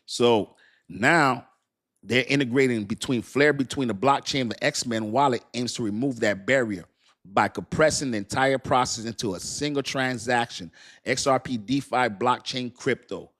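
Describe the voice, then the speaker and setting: A man's voice: medium pitch, moderate pace. A man hosting a casual crypto live stream, chatty and repetitive, often thanking his viewers. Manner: chatty, repeats himself, thanks viewers warmly.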